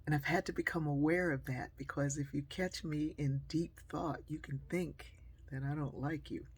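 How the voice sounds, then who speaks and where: Animated, gravelly woman telling a story. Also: deep voice, normal speed. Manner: animated, shifting between loud and hushed. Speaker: storyteller and speaker. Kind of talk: personal storytelling monologue. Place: at home by a sewing machine.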